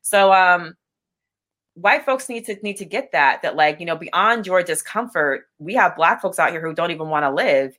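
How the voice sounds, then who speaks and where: Young adult woman, interview guest, rapid and bright, blunt and impassioned, lots of restarts. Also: on the low side. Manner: impassioned, blunt, repeats words when starting sentences. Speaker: interview guest, business owner. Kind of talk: candid conversational interview.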